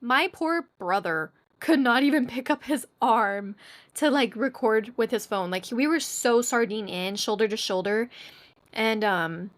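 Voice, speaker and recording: Woman, young adult, podcast host, casual monologue, animated, fairly high voice. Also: a little slow. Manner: chatty and animated, acts out quotes in a squeaky voice.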